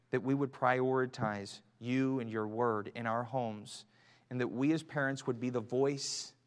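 A man in his thirties preaching a sermon in a church, building from quiet earnest talk to shouted fervor and back to soft prayer. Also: mid-range voice. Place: church sanctuary. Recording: long church hall reverb.

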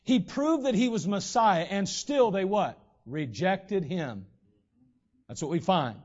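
Guy preaching, pretty high voice, chatty asides then slow punchy verses, muffled recording. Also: expressive, darkish tone. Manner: emphatic, slow stressed scripture reading; conversational asides to the congregation. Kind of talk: sermon. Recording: dull lo-fi sound.

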